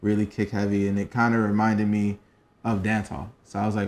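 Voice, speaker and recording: A man's voice: on the low side, little pitch movement, fairly quick, darkish tone. A young man, a DJ and producer, talking in a laid-back way with many fillers in a casual interview.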